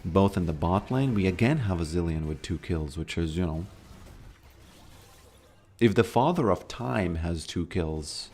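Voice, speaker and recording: Unhurried and lively in intonation, a man with a low, darkish voice chats over slight background noise. He is a gaming streamer from Latvia with a Latvian accent, rambling casually with many fillers as he plays.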